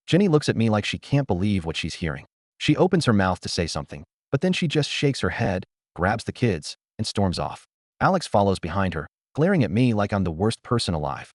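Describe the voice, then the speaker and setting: A man's voice: on the low side, sing-song, fairly quick, no room sound, studio quality. A man narrating a scripted first-person story in an earnest, conflicted way.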